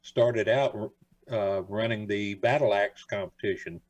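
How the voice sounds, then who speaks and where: A man's voice: on the low side, steady tone, measured pace, darkish tone, no room sound, dull audio. An older man from Florida, a radio show guest, telling stories in a rambling, folksy way with lots of fillers. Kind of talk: casual interview chat.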